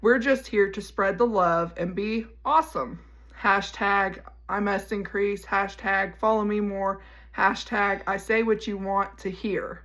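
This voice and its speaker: A woman voicing a smooth-talking wolf posing as a breezy, salesy influencer, in a devotional reading. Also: mid-range voice, steady tone, unhurried, fairly bright tone.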